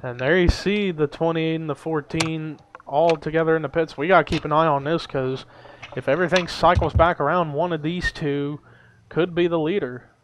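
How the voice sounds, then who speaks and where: A young man giving amateur play-by-play commentary on a simulated race, steady and given to hedging. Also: a little high, normal speed, background noise. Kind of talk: amateur sim-racing commentary.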